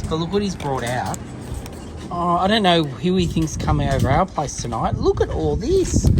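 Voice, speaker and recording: A chatty Australian man narrating a casual travel vlog outdoors in a country town, excitable and laughing often. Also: medium pitch. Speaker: vlogger. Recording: noisy outdoor handheld recording.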